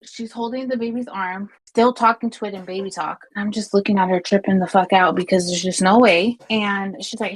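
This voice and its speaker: A woman's voice: mid-range voice, steady tone, brisk, hardly any pauses, breathy edge, poor audio. A middle-aged woman, a funeral director, telling stories in casual podcast talk, acting out quotes and swearing freely.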